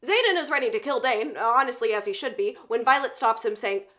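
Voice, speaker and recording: A woman reviewing books, recapping a novel's plot casually with animated, joking asides. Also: fairly high pitch, a little fast. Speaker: book reviewer. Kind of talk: casual book plot summary.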